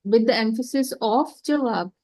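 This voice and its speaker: A woman's voice: on the high side, normal speed, mellow, no echo. A woman student asking questions in class, hesitant and thinking aloud as she goes.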